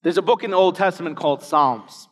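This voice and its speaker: A man preaching a sermon, swinging between loud emphatic lines and hushed, low asides. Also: quick pace, in a large hall.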